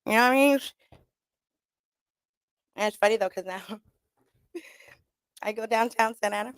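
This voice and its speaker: A woman's voice: fairly high pitch, measured pace, smooth, dry recording. Blunt, profane woman radio host. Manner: blunt, profane, laughs often; mixes in Spanish slang. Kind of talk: casual, rambling radio talk.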